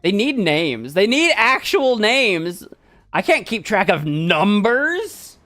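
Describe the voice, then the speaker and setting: A man's voice: sits high, very animated, slow, pushed and bright, soft background music. A man chatting casually on a live stream, giving playful commentary.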